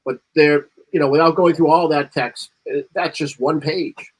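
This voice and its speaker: A man's voice: on the high side, fairly even intonation, moderate pace, slightly rough. A man on a marketing panel talking casually and rambling, reading bits of ad copy aloud with extra emphasis. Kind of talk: casual chat.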